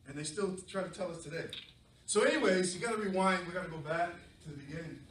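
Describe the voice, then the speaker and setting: A middle-aged man from southern New England, a storyteller telling a lively, playful story to children. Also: sits high, fast. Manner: animated, playful, many fillers. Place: library event room. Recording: echoey room from far off.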